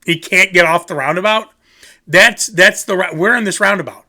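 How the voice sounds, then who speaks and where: A man's voice: high-pitched, normal speed, bright, forceful tone. A man casually reviewing music on his channel, rambling and goofy, poking fun at himself. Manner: rambling, goofy, self-mocking. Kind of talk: casual rambling video talk.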